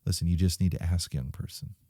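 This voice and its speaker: A man preaching to young people, urging them with stories and sudden quiet drops, recorded close and dry. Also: low voice, fast, no echo.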